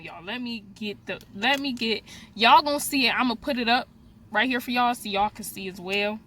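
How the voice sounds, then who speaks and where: Bright animated young woman telling a story. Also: fairly high pitch, slight background noise. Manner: animated storyteller, talks straight to viewers as "y'all". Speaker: beauty vlogger. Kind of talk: storytime vlog, casual chat.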